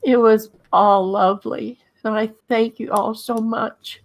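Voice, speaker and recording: Slow, soft-spoken older woman. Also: fairly high pitch, fairly even intonation. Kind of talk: casual livestream chat.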